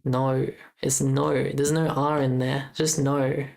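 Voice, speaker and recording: A woman's voice: extremely low pitch, flat delivery, measured pace, creaky, a little mellow, low-quality recording. A young Australian woman with an Australian accent, chatting casually on a livestream while she codes, thinking aloud and correcting herself. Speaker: game jam streamer.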